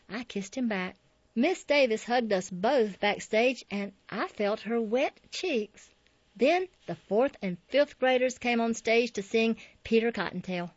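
A woman reading a memoir as an audiobook in a soft, reflective way. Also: a little high, dry recording. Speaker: narrator. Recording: dull, dry lo-fi audio.

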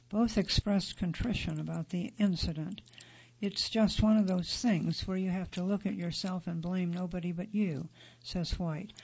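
A man reads a magazine feature aloud in a steady, neutral way. His voice sits high and carries a gravelly edge. The recording is dull and lo-fi. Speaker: article narrator. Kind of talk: scripted narration of a magazine feature.

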